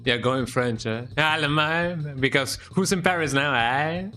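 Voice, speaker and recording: A man with a slightly high voice, speaking a little slowly, streams a video game with faint music behind him. His chat is relaxed and rambling, and he tags many lines with "eh?".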